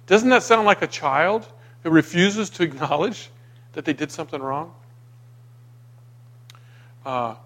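A man preaching a sermon, dramatic, going from loud emphasis to hushed near-whispers and reading scripture aloud with acted voices. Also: fairly high pitch. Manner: reads scripture aloud and acts out the quoted voices.

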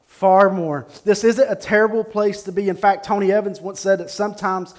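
A man's voice: sits high, fairly even intonation, moderate pace. A male pastor preaching a sermon at a church service, emphatic and repeating his key phrases.

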